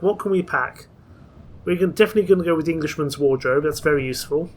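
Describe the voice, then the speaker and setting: A man casually commenting on a story game and reading its text aloud in a chatty, rambling way. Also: fairly high pitch. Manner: chatty, rambling, self-correcting. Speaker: let's play host.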